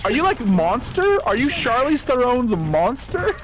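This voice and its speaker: A man's voice: extremely high pitch, sing-song, measured pace. A man joking and riffing as a guest in a casual gameplay chat, often trailing off. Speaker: guest co-streamer. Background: game music.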